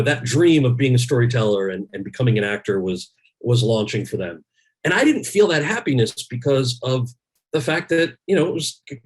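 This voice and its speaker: Husky-voiced man telling candid stories. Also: on the low side, poor audio. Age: 40s. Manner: candid, animated anecdotes with many restarts. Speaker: guest actor. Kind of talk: storytelling in a conversation. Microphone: video call.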